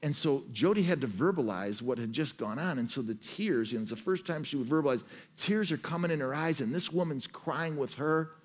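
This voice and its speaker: A man's voice: on the high side, lively intonation, brisk. A man preaching a sermon as pastor. He tells his story earnestly and often repeats words as he restarts. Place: church stage.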